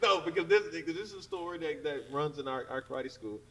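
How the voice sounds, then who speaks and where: A man telling a story in casual chat. He talks in an animated way, laughs a lot and breaks into loud acted shouts. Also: on the high side, brisk, breathy edge. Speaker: podcast co-host. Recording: distant mic with background noise.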